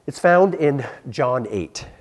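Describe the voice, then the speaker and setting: A man's voice: medium pitch, takes it slowly. A young adult man preaching a youth sermon, telling stories and acting out voices as he goes. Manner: animated, acts out voices, laughs at own stories. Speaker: youth pastor.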